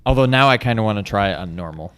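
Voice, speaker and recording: A man's voice: fairly low pitch, animated, rapid-fire, fairly bright tone, clean tone. A man in a casual chat with old friends, enthusiastic and given to exclamations.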